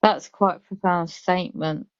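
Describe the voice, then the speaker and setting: A British woman on a live stream, chatting casually and reading out chat comments in a slow, drawn-out way. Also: fairly low pitch, steady tone, slight background noise. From Britain. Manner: reads chat comments aloud slowly. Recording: dull lo-fi live stream audio.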